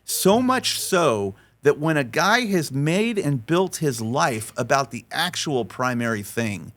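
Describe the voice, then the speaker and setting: Podcast guy telling a story, animated, keeps restarting and repeating words, voice shoots up high when he quotes people. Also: takes it slowly. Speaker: faith-based life coach and podcast guest.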